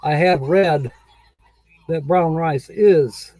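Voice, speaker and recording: A man's voice: a little high, drawn-out words, warm tone, poor audio. A man hosting a casual livestream, chatting easygoingly with viewers and rambling with frequent chuckles. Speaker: livestream host. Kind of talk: casual livestream chat reading viewer comments.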